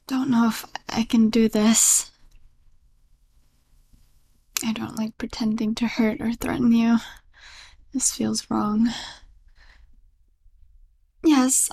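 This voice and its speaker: A woman voicing a clingy, obsessive yandere girlfriend in a whispered role-play, soft and stammering, with frequent giggles. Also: on the high side, creaky, breathy edge, exaggerated voice. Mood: nervous, apologetic.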